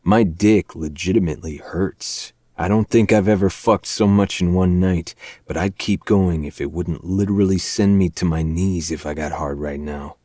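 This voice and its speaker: A man with a very deep voice reads a novel aloud in a low, measured first-person narration. The recording is dry and close, with no room sound around him. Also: dark tone, no echo. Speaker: podcast host. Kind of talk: audiobook-style narration of a dark romance novel.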